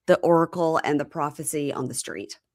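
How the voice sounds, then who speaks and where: Low-voiced woman, animated storyteller. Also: fairly quick, no room sound, clean studio sound. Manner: animated storyteller, acts out scenes. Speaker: podcast host recapping reality TV. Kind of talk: casual chat.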